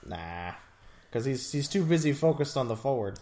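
A man's voice: mid-range voice, big pitch swings, normal speed, dark tone. A man in casual chat, cracking jokes and commenting on a film as it plays. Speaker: co-host.

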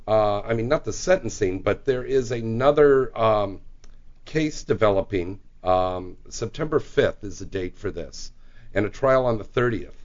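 A man hosts a talk radio show, his pitch swinging lively as he jokes crudely and banters loosely. The sound is dull and lo-fi.

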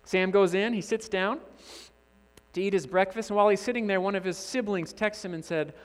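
A man's voice: high-pitched, brisk. A man preaching a sermon as a guest preacher, telling a story and acting out the characters' lines. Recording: long church reverb.

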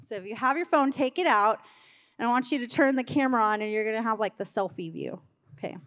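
A woman pastor with a fairly high, slightly bright voice preaches in a church sanctuary at a quick, expressive clip. She speaks conversationally and urges the congregation along, with long hall reverb around her.

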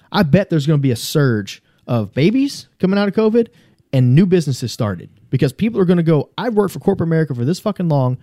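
Dark-voiced, cursing man telling stories. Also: medium pitch, no room sound, clean studio sound. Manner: swears freely, rambling and earnest. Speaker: podcast guest. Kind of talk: casual conversational storytelling.

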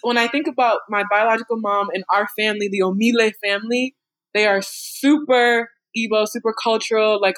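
A woman's voice: mid-range voice, dry recording. A young woman in an interview telling personal stories frankly and with animation, laughing often. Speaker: interview guest. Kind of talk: candid personal storytelling.

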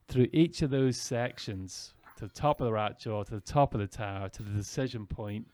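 A man's voice: mid-range voice, no room sound. A man hosting a podcast, reflecting in casual chat with hesitant, repeated words. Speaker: podcast host.

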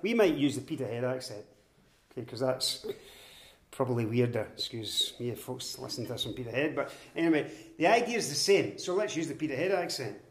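Man, preacher, expository sermon, fairly high voice, earnest and emphatic, roomy echo. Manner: earnest, emphatic, explaining step by step. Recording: roomy echoey hall.

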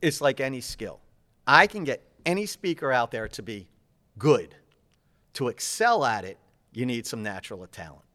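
An energetic man speaking quickly in an interview, lively and animated as he repeats himself and piles on examples. His voice sits in a middle pitch range. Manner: enthusiastic, fast, animated, repeats words. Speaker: public speaking coach.

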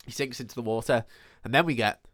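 A man's voice: medium pitch, quick pace, fairly bright tone, no room sound, studio quality. A man co-hosting a podcast, recapping a film scene by scene in casual chat, swearing freely and acting out lines. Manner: sweary, laughs a lot, acts out quotes. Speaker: podcast co-host.

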